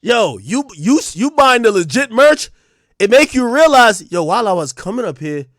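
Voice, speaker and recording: A streamer in his thirties rants loosely and profanely to his live chat, his high, sing-song voice lurching between loud, mocking outbursts and low, mumbled asides at a normal speed. The sound is dry and close, with no room or echo around it.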